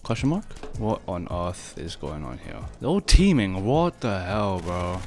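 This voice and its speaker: A young man with a very low voice narrates his gameplay in a dry, exasperated way, just out of bed and short on energy. His tone rises and falls a lot, jumping from flat mutters to sudden high yelps, and faint music plays behind him. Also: unhurried. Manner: sarcastic, exasperated, says "bro" constantly. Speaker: gaming video creator. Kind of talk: casual gameplay commentary.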